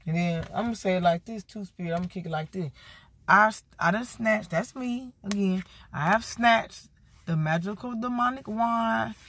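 A woman giving a casual tarot card reading, sassy and animated, talking straight to her viewers. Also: mid-range voice, moderate pace. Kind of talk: casual spiritual reading vlog.

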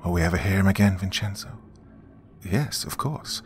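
A man's voice: low-pitched, moderate pace, slight background noise, close to an everyday voice. A man voicing an Italian male necromancer who gives orders in an urgent, commanding way. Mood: grave.

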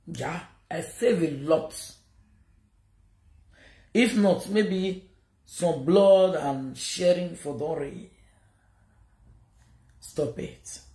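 A woman's voice: on the low side, darkish tone, echoey room. A Nigerian woman giving an emotional live video message, scolding and repeating her warnings. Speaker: social media personality.

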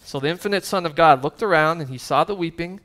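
A man's voice: a little high, fast, fairly bright tone. A man preaching a sermon as pastor, earnest and conversational, with casual asides and fillers.

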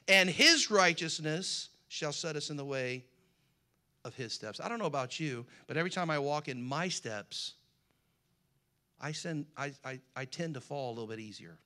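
This pastor's voice is on the high side, with a moderate pace and a sharp tone. Preaching a sermon, he reads scripture aloud with building emphasis and works in folksy jokes for the congregation.

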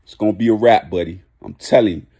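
A man giving a casual, animated basketball rant to his viewers, dropping into a low drawl and then shouting out names. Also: fast, breathy edge. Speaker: sports vlogger.

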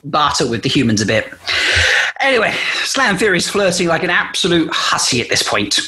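Man, podcast co-host, giggly and sweary, very lively pitch, bright tone. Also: fairly quick. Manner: giggly, sweary, tipsy, puts on silly voices for characters. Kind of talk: casual chat, recapping a book chapter.

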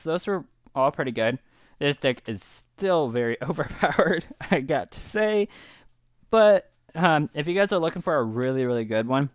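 A man hosting his own gaming channel, giving relaxed, chatty gameplay commentary with frequent little laughs. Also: a little high, smooth, no echo, studio quality. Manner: relaxed, chatty, laughs often, many restarts. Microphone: headset.

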